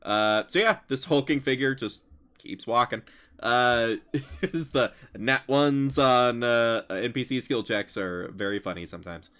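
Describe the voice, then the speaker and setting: A man's voice: mid-range voice, a little slow, a bit bright, clean tone. A man narrating as game master in casual chat, with many fillers.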